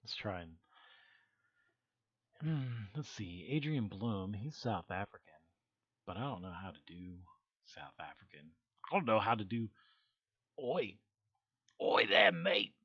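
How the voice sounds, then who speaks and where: A man's voice: fairly low pitch, animated, measured pace, pauses often, a bit bright, husky, no room sound, muffled recording. A man streaming from a basement, joking with his chat and trying out goofy British voices. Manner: jokey, tries out silly British voices. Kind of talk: casual live-stream chat with chat readings. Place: basement room. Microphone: headphones on, desk mic.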